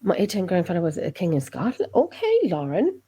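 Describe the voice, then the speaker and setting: A woman hosting a podcast interview, talking in an excitable, laughing, casual way. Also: fairly low pitch, fairly quick, slightly rough, dry recording. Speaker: podcast host. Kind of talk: casual chat.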